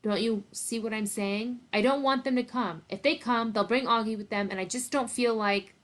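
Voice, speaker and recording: A woman's voice: fairly high pitch, normal speed, a bit bright, lightly acted. A woman voicing a tearful, defensive teenage girl. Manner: emotional, sobbing, pleading.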